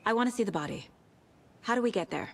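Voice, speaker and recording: An actress playing a calm, methodical female FBI agent in a game, speaking directly. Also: fairly high pitch, fast talker. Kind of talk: game dialogue and inner monologue.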